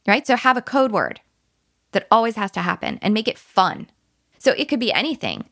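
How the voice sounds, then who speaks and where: A woman parenting coach who talks emphatically and dips into a hushed whisper when she models soothing words to a child. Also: mid-range voice, very animated, moderate pace, no echo, clean studio sound.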